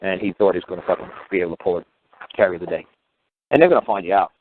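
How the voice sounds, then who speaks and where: Fast-talking, profane man on a tinny phone line. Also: low-pitched, expressive. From United States. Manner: blunt, profane, emphatic and repetitive. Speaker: regular talk show speaker. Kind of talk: casual storytelling monologue.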